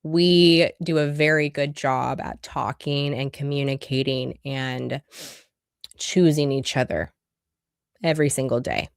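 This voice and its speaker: A woman's voice: rumbling low, steady tone, unhurried, creaky, smooth, no echo, studio quality. A woman relationship coach giving an earnest, conversational livestream talk full of rhetorical questions.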